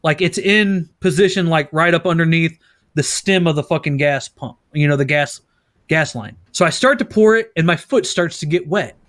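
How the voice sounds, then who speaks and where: A man with a high voice hosts a casual podcast. He tells a story with a lot of swearing and bursts of laughter. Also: normal speed. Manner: profane, laughing, animated storyteller. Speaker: podcast host.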